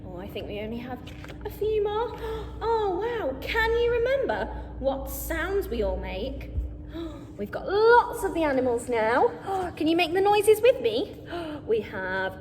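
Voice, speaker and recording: A woman reads a picture book to young children, gasping with excitement and speaking in a sing-song way. Her voice is very high and swoops up and down, and she speaks very slowly. There is a faint reverb and a light hiss. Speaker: children's storytime host.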